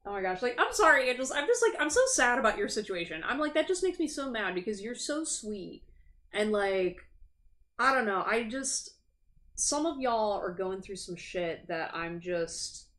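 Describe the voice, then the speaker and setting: A woman's voice: a little high, sing-song, normal speed, a bit bright. A woman hosting a tarot livestream, chatting casually, frank and sympathetic, swearing freely. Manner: sympathetic and sassy. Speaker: tarot reader and livestream host. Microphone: streaming setup.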